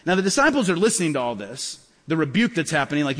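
Fast-talking high-voiced pastor in a hall. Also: male voice. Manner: animated, quick storyteller acting out dialogue. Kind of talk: sermon storytelling. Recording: long hall reverb.

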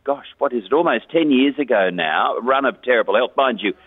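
A man's voice: mid-range voice, lively intonation, brisk, breathy edge, no room sound. Chatty man on a tinny phone line. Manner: chatty, chuckling storyteller. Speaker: entertainment news contributor. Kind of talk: gossipy radio chat.

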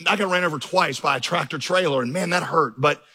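A man's voice: fairly high pitch, fairly quick, sharp tone, slightly rough. A man preaching a sermon as pastor, telling stories and building to impassioned emphasis. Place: large church auditorium. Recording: reverberant hall.

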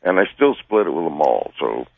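A man's voice: a bass voice, very animated, fairly quick, creaky, dry recording. A man in his sixties calling in, talking in a folksy, rambling way about life in the mountains. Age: 60s. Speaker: caller. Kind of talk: casual chat. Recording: tinny phone line.

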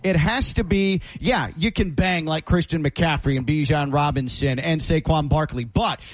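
A man's voice: on the high side, normal speed, no room sound. A man co-hosting a sports talk show, a former college player who breaks down the game in an agreeable, analytical way. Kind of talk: casual sports radio chat.

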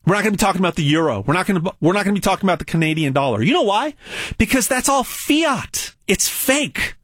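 A man delivering an emphatic sales pitch, blunt and mocking, hammering points home by repeating words. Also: fast, husky, no echo, studio quality. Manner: animated and repetitive, stacking phrases for emphasis. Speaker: gold investment salesman.

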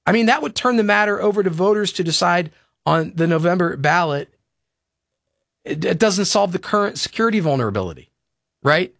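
A man's voice: high-pitched, lively intonation, brisk, creaky, a bit bright, dry recording, clean studio sound. A man hosting a talk radio show, ranting and pleading in a heated, impassioned way.

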